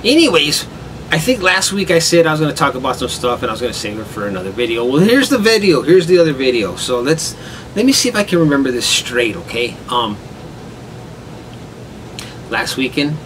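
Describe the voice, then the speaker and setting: A man's voice: medium pitch, expressive, brisk, fairly bright tone, recorded from a distance, a little hiss or hum, poor audio. A man telling a rambling story at home in a casual vlog, with rain falling outside. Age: adult father with a son. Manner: rambling, laughs hard at his own story. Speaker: vlogger.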